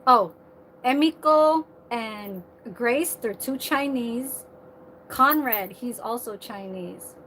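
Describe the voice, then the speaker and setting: A woman's voice: fairly high pitch, slow pace, a bit bright, a little hiss or hum, rough recording. A woman vlogging in a casual, rambling monologue, swearing freely and laughing at her own asides about working as a server. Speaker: server at a senior living community.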